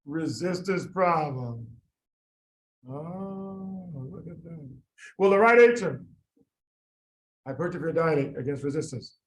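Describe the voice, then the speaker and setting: Guy teaching a med class, pretty high voice, keeps calling on students and repeating stuff. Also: animated, slow pace, long pauses, rough recording. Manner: quizzing students by name, repeating key points. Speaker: medical exam tutor. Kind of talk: lively classroom teaching with drills.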